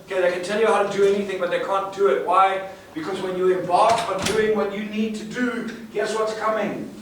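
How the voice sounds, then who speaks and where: A sales trainer speaking emphatically to a live audience, asking rhetorical questions and repeating words for effect. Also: male voice, high-pitched, flat delivery, brisk. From South Africa. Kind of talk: live seminar talk. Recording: echoey room, far from the mic, faint hiss.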